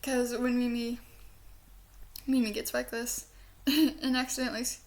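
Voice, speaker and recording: High-voiced giggly woman rambling. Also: level tone, unhurried. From Southern United States. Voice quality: speech impediment that she says sounds British. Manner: chatty and giggly, with many "like" fillers and soft whispered asides. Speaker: video reviewer. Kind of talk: casual rambling review.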